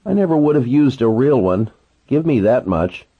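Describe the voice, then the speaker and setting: A man's voice: mid-range voice, animated, moderate pace, breathy edge, narrow, tinny audio, voice pushed up. A male reader voicing an anxious, desperate grown man who pleads for help in an urgent, strained way. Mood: sheepish.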